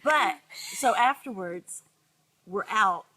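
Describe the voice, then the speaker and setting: A woman co-hosting a casual podcast chat speaks slowly in a mid-range voice with no echo. She's an animated storyteller, restarting often and acting out what people said.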